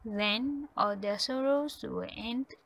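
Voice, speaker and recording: A woman reading the end of a fairy tale aloud, unhurried, with occasional slips. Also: fairly high pitch, gravelly, fairly bright tone, poor audio. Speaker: storyteller.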